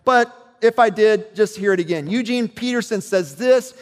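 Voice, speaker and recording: A man's voice: sits high, moderate pace, long reverb tail. A man preaching a sermon as pastor, talking conversationally and checking in with his listeners.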